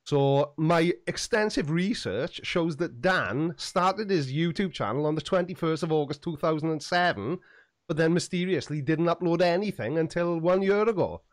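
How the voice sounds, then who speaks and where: A man's voice: fairly high pitch, lively intonation, moderate pace, dry recording, clean studio sound. A man hosting his own live-streamed podcast, chatting casually with a rambling, self-deprecating manner. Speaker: podcast host.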